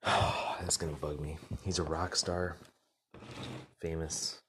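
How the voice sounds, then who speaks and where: A man's voice: very deep voice, flat delivery, slow, a bit bright, a little hiss or hum. A man giving an earnest, motivational casual talk, rambling with fillers and repeated words.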